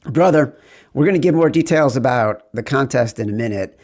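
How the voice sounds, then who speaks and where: A middle-aged man hosts a sports betting podcast with playful, excitable energy. His voice sits at an ordinary pitch, and he stretches some words into sing-song calls before rattling on quickly. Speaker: podcast host.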